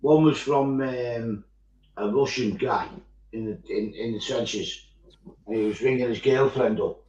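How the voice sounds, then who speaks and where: Casual male host, mid-pitched and chatty, prone to storytelling, recorded in an echoey, muffled room. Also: measured pace. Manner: animated storytelling, swears freely, acts out quoted voices. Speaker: miniature painting streamer. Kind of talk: casual chat. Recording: echoey, dull-sounding room.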